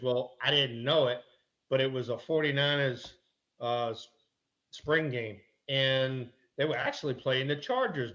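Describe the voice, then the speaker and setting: Middle-aged male guest, lively raconteur, curses casually, muffled recording. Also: medium pitch. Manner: animated, salty anecdote-telling with mild swearing. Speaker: guest, former ballplayer. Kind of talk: casual chat, storytelling.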